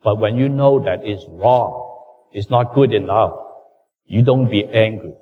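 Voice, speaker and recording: A man's voice: fairly low pitch, measured pace, slight background noise. A man preaching a sermon, with emphatic, repetitive phrasing and direct address to the congregation. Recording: dull recording, long hall reverb.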